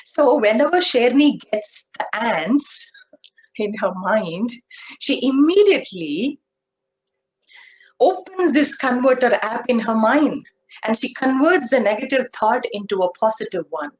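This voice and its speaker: A woman giving a motivational spiritual talk, speaking deliberately and asking her listeners questions. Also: fairly high pitch, lively intonation, lo-fi sound, slight background noise. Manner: slow, deliberate, asks the audience questions.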